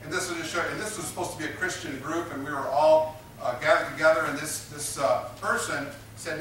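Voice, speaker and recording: A man's voice: on the high side, fairly even intonation, brisk, few pauses, a bit bright, a little hiss or hum. A man preaching a sermon, emphatic and repetitive, drawing responses from his congregation. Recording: echoey room picked up from a distance.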